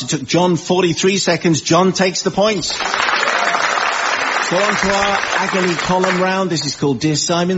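Male comedy show host, brisk and wry, dull broadcast sound, audience behind. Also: fairly high pitch, noisy background. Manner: brisk, reads scores and letters. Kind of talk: comedy panel show hosting.

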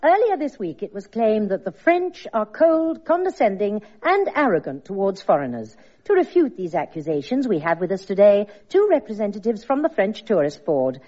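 An actress playing a polite, earnest female TV presenter with a crisp, formal delivery. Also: mid-range voice, very animated, normal speed, hardly any pauses, warm tone. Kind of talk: scripted presenting. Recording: lo-fi broadcast recording.

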